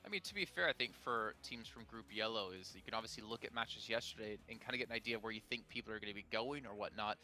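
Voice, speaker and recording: A man hosting an esports watch party desk, briskly teasing his panel and handing out questions. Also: lowish voice, sharp tone, faint music behind.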